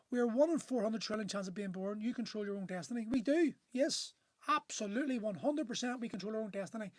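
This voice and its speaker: There's no room sound around this very high male voice as a gym owner and men's coach, about forty-something, goes off passionately on a phone livestream. Frequent swearing and false starts run through the monologue.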